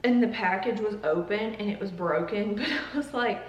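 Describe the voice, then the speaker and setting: A woman's voice: medium pitch, moderate pace, roomy sound, recorded from a distance, a little hiss or hum, rough recording. A young woman hosting a casual vlog, chatty and joking as she tastes coffees and drifts into tangents. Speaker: YouTuber.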